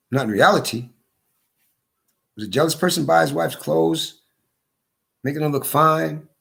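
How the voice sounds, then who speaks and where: Hoarse, gravelly-voiced man ranting. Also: a little high, a bit bright. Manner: repetitive, emphatic storytelling. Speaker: vlogger. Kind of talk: casual monologue.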